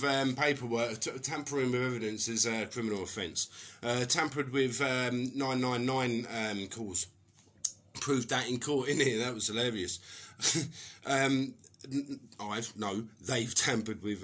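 A middle-aged man rants furiously to the camera, swearing hard. His voice is sharp and forceful, and he slips into mocking put-on voices as he goes. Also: mid-range voice, moderate pace. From England. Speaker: vlogger. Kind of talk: angry personal rant to camera.

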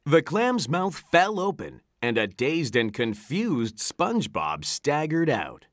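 An animated storybook narrator with a lively, rising and falling delivery. The reading sounds close and dry, with no room around it. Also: medium pitch, slow, no room sound. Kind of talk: storybook read-aloud.

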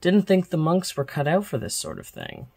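A gruff, impatient army captain who puffs a pipe and rasps out short orders, as a storyteller puts him on. He sits a touch high and loud against the reader's normal voice, pushing each command. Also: huge pitch swings, normal speed, no room sound, heavily acted. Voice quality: rasping.

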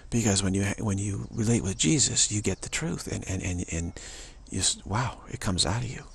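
Gravelly and lowish, this man's voice carries a spiritual monologue that rambles earnestly, circling back on itself with frequent restarts and a halting, repetitive flow. Some background noise can be heard.

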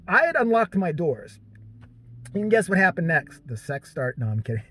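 High-pitched, rambling young man. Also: moderate pace, breathy edge. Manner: crude, rambling, excitable. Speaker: vlogger. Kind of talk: casual storytelling vlog. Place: inside a parked car.

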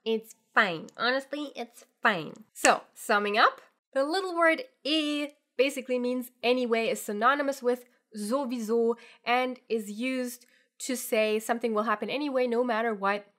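A woman's voice: a little high, normal speed, a bit bright. A woman teaching a casual language lesson in English, acting out example phrases. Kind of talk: explanatory lesson, mixing English with German examples.

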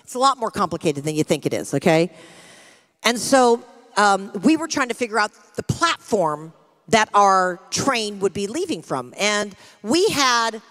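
A middle-aged American woman pastor preaching, telling a personal story with lively acted-out quotes. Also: mid-range voice, measured pace. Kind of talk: sermon with storytelling. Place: church sanctuary. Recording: long hall reverb from a church.

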